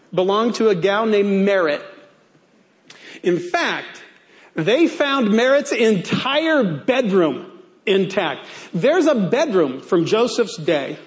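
A male pastor preaching a sermon in a playful way, stretching key words out for emphasis. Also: high voice.

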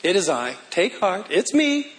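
A man voicing a gentle, reassuring divine speaker. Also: high voice, big pitch swings, measured pace, heavily acted. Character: comforting male divine speaker.

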